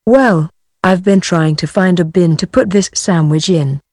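Woman voicing a boy hiding at a party, slow, low voice. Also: a little mellow, no room sound, clean studio sound. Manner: plain reading of textbook dialogue.

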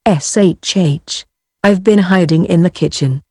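A woman's voice: fairly low pitch, unhurried, darkish tone, slightly rough, dry recording, clean studio sound. A woman reading as Pete hiding at a party. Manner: plain reading of textbook dialogue. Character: boy hiding in the kitchen at a party.

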